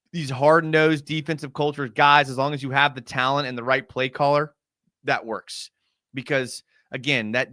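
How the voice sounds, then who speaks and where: A man's voice: mid-range voice, no room sound, studio quality. A man hosting a live fan show, breaking down game film in a casual, exasperated ranting style and answering chat. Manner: animated, exasperated rants with sarcasm.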